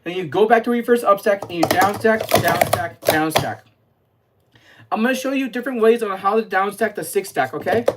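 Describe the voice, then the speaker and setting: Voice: mid-range voice, heavy background noise. Chatty livestream stacking tutor, clattering cups. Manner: chatty, addresses live chat, explains step by step. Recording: clear clatter of plastic cups.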